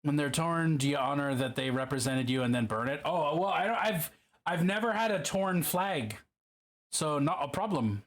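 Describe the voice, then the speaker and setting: A man's voice: on the high side, expressive, moderate pace. A man with a put-on Irish accent, hosting a casual livestream while painting miniatures, chatty and profane as he answers his chat. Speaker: livestream host.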